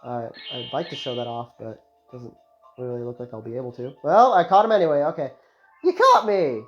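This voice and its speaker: A man's voice: mid-range voice, fast. A man giving casual, joking, rambling commentary while playing a video game. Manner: joking, rambling, self-mocking. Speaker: let's play host. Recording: slightly muffled, game music behind.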